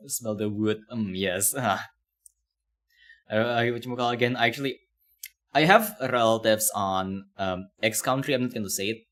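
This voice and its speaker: A man talks through a reaction stream in loose, rambling commentary, padding his sentences with fillers and breaking into laughs. His pitch sits in a middling range but moves around with a lot of liveliness. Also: fairly bright tone.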